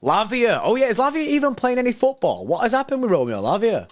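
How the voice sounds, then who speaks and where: A man's voice: very high-pitched, fast talker, dry recording. Young guy streaming footy news, slangy and hyped, dry close sound. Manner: excitable, slangy, reads news aloud and riffs. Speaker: football livestream host. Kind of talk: casual livestream chat reacting to news.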